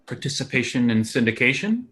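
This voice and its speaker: A man's voice: medium pitch, sing-song, brisk, a bit bright. An actor playing an earnest, indignant male TV actor in a live play reading over a video call. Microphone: home computer mic on a video call.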